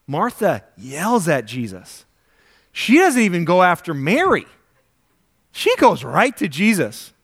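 A male pastor delivers a weekend sermon before a congregation in a church sanctuary, chatting conversationally and putting questions to listeners. His pitch swoops wildly, he speaks slowly with a breathy edge, and he performs quoted prayers loudly with large jumps in pitch and volume.

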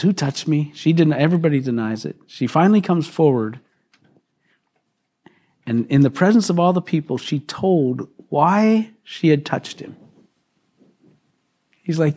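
A man's voice: fairly high pitch, warm tone, husky. A man, a pastor, preaching a conversational sermon to his congregation, asking questions and laughing often. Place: church hall.

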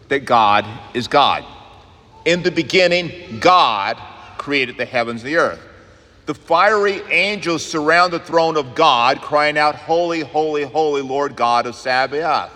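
Man preaching with long church reverb. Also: fairly bright tone. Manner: earnest preaching, rising in pitch and speeding up on key points. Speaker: pastor. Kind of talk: sermon. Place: church sanctuary.

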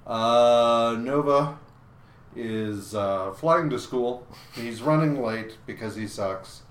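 A man co-hosting a casual comic book podcast, recapping issues in a halting way with many filler pauses. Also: medium pitch, echoey room, a little hiss or hum.

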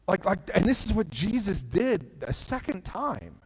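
A pastor preaching a sermon from a stage, talking in a conversational way with frequent "like" and quick restarts. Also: male voice, high-pitched, big pitch swings, slightly rough, in a large hall, rough recording. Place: church stage.

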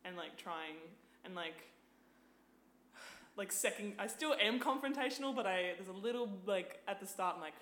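Chatting casually as a podcast guest, this young woman from Australia has a low voice and talks a little fast, her audio reverberant. Animated throughout, she curses without restraint and fills her sentences with "like."

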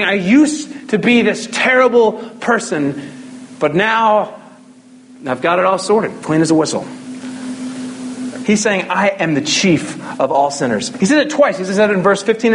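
A man's voice: high-pitched, expressive, moderate pace, slight background noise. A young man preaching a sermon as a pastor, in a casual, conversational way with jokes.

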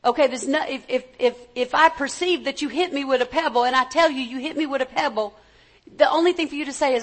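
A woman's voice: high-pitched, fairly quick. A woman preacher giving a conversational sermon, stopping to ask her congregation for an amen. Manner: conversational, calls for amens from the congregation.

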